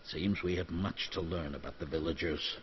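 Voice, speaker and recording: An actor playing a grave, humbled older Jedi master in a video game. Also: male voice, deep voice, fairly even intonation, normal speed, dull audio, slight background noise, natural voice.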